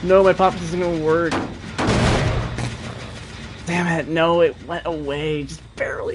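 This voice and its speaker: A young man giving live commentary on his own gameplay, muttering under his breath one moment and yelling out the next. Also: a little high, unhurried, pauses often, noisy background. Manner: excitable, swings between mutters and loud outbursts. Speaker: streamer. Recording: loud game music underneath.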